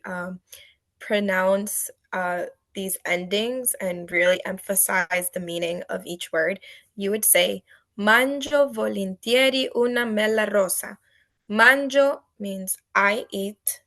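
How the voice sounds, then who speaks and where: Slow, gravelly woman co-presenting. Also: mid-range voice, fairly bright tone, no echo, low-quality recording. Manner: slow, hesitant with fillers. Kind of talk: recorded class presentation.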